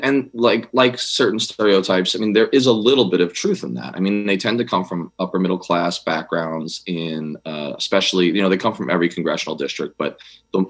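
A man, a former army officer and history teacher, answering interview questions in a rapid, excitable way with many restarts. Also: sits low.

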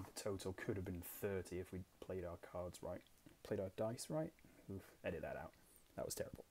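A man's voice: lowish voice, warm tone, a little hiss or hum. A young Englishman hosting a board game channel, reading rules aloud and chatting casually about his solo play in a self-deprecating way. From England. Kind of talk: casual solo gameplay commentary.

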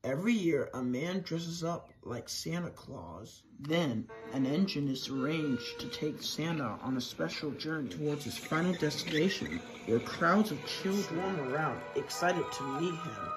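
A narrator reading a fan-made storybook tale in a measured, steady way. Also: medium pitch, over music, rough recording.

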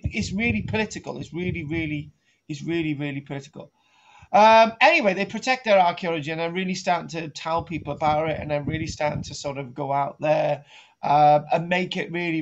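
A man's voice: high-pitched, slight background noise. Guy rambling through a jokey archaeology class, keeps saying right, dull lo-fi sound. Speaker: archaeology teacher. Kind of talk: comic online lecture.

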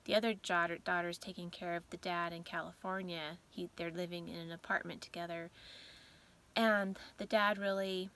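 Bright-voiced woman, soft and emotional. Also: on the low side, fairly even intonation, normal speed. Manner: emotional, soft-spoken, drifts into whispers. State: teary and tired at bedtime. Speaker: vlogger. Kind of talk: casual late-night vlog chat.

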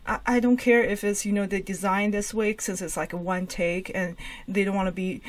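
A woman hosting a music reaction video, talking in an excited, gushing way with lots of fillers and restarts. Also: medium pitch, normal speed. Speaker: reaction channel host. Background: faint music from the reacted video.

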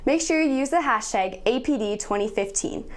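Young woman co-presenting, high and friendly. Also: expressive, normal speed. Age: young adult. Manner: friendly, prompts viewers to tweet. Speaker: student co-presenter. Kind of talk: scripted TV segment presenting.

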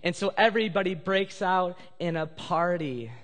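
A man's voice: sits high, moderate pace, a bit bright. A male pastor preaching a sermon and telling a story with emotion, at times tearful. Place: church sanctuary. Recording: live church hall reverb.

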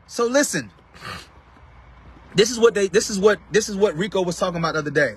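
Male street preacher, husky, fairly high voice, fervent casual delivery recorded in a car. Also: animated, fairly quick, pauses often. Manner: emphatic, calls out to viewers by name. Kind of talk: casual live-stream preaching.

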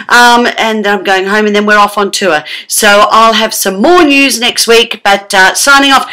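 Bright, chatty Australian woman. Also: mid-range voice, normal speed. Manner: lively, theatrical, drops to whispers for gossip. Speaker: vlogger. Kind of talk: chatty tour vlog.

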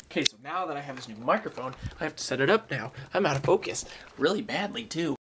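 A man's voice: a little high, animated, fast talker, a bit bright, a little hiss or hum. A young man chatting casually in a rambling, self-mocking way as he vlogs his day at home on a handheld camera. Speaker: vlogger. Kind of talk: casual daily vlog. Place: indoors at home.

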